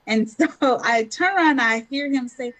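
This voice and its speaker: A woman, a podcast guest and mother, telling stories in a casual, animated way, acting out quotes with bursts of laughter. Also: high-pitched, normal speed, no room sound. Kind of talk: casual conversational storytelling.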